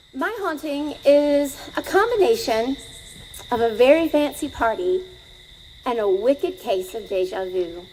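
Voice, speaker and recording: Middle-aged woman, high voice, live outdoor storyteller, conversational. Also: slight background noise, poor audio. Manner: conversational, asks the audience questions.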